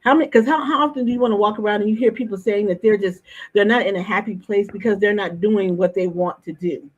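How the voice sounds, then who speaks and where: Fast-talking husky middle-aged woman host. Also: mid-range voice. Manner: talkative, with frequent restarts and storytelling. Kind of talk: casual interview chat. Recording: dull lo-fi stream audio.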